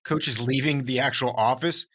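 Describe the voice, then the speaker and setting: A man's voice: medium pitch, normal speed, a bit bright. A man in his thirties, co-hosting a podcast in loose, rambling casual chat. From Miami. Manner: rambling, many restarts, laughs through points. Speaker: podcast co-host.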